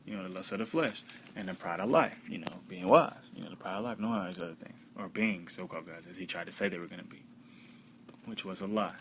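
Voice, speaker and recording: A man teaching from the bible in a conversational way, with many fillers, reading scripture slowly and loudly. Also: low voice, gravelly, slight background noise.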